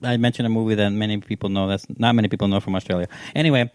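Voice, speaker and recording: A man's voice: lowish voice, steady tone, rapid-fire, clear, resonant tone, no room sound, clean studio sound. A man cohosting a podcast in casual chat, teasing his partner bluntly and swearing freely.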